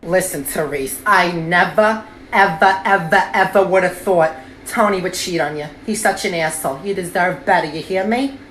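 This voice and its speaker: A woman in a comedy sketch clip playing a loud, brash mom who scolds and gossips. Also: fairly low pitch. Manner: brash, scolding, fast-talking. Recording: roomy clip audio with faint noise.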